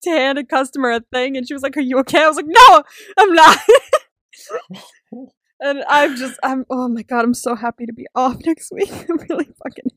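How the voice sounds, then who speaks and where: A young woman co-hosting a podcast, telling stories in an animated way, swearing freely and laughing often. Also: sits high, fast talker, few pauses, no room sound, clean studio sound. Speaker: podcast co-host. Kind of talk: casual chat.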